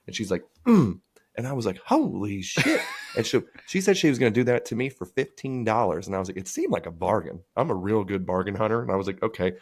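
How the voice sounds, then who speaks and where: A man with a low voice tells bawdy stories on a casual podcast. He acts out each quote with lively jumps in pitch. His delivery is crude and animated. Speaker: podcast co-host. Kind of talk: casual chat, storytelling.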